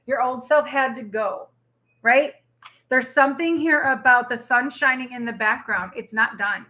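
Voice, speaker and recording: A woman's voice: sits high, moderate pace, pushed and bright. A young woman giving a live tarot reading, chatty and emotional, rambling with lots of fillers. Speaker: tarot reader.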